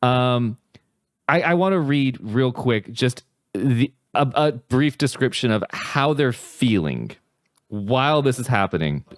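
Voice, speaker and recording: A man's voice: medium pitch, animated, takes it slowly, dry recording, clean studio sound. A man co-hosting a podcast, jokey and emphatic, with crude asides. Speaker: podcast co-host. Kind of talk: casual podcast chat.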